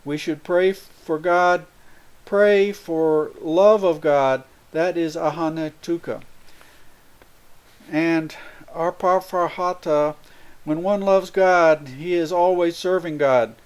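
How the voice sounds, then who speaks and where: A man's voice: on the high side, fairly even intonation, slow pace, smooth. A man giving a sermon, earnestly explaining spiritual points through everyday examples. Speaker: spiritual speaker.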